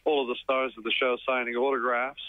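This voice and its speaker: A man phoning in to a radio show, talking haltingly with many fillers. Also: mid-range voice, little pitch movement, no echo. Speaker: caller reporting from a theatre foyer. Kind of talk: casual on-air chat. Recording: muffled phone line on radio.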